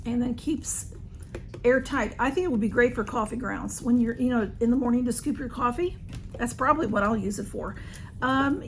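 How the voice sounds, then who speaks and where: A woman chatting through a shopping haul at home, rambling and a little hoarse. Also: a little high, slight background noise. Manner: chatty, rambling, talks to her cats. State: slightly hoarse. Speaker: vlogger reviewing a shopping haul. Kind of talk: casual haul video chat.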